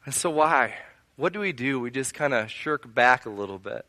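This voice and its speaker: A man's voice: mid-range voice, animated, normal speed, sharp tone. A man preaching a sermon to his congregation, earnest, building repeated phrases into lists and asking them direct questions. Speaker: pastor.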